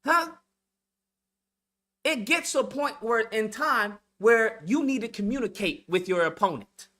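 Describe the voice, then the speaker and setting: Heated, animated man ranting. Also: high-pitched. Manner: profane, confrontational, heated. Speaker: YouTube commentator. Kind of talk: ranting vlog monologue.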